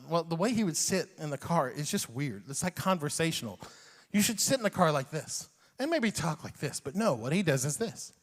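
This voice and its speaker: Animated high-voiced stand-up comedian, man. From Iran. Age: 40s. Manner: animated, chuckles at own jokes. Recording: long hall reverb on stage.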